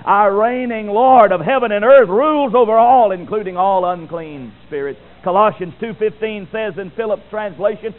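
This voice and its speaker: A man preaching a sermon, emphatic, swinging from loud declarations to quiet, solemn asides, heard through a tinny recording. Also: high voice, animated, normal speed.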